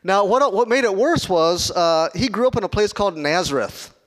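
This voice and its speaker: A pastor from Chicago giving a conversational sermon, joking and asking the congregation questions. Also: male voice, sits high, expressive, moderate pace, a bit bright. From Chicago, United States.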